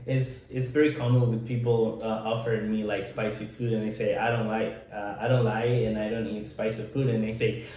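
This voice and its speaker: A man's voice: lowish voice, flat delivery, a little fast, few pauses, mellow. A man from Nicaragua with a Nicaraguan Spanish accent, Spanish his first language, chatting earnestly as podcast co-host and laughing often. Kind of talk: casual chat. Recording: very echoey room.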